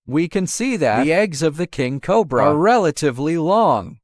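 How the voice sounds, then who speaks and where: A man presenting outdoors as a snake expert, explaining eggs and nesting in a lively way, often repeating his points. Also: fairly high pitch, moderate pace, dry recording, studio quality. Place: outdoors in grass.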